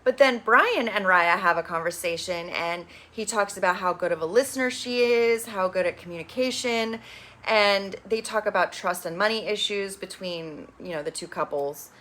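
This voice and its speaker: Bright-voiced chatty woman recapping. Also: mid-range voice, moderate pace. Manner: chatty, opinionated, casual swearing. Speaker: reality TV recap host. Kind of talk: casual reality show recap.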